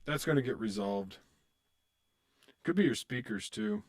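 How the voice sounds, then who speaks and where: A man streams online poker in a medium-pitched, sing-song voice with a darkish tone and measured pace. In casual live-stream commentary, he mutters to himself about his hands, swears, then chats upbeat with viewers in a loose, joking way.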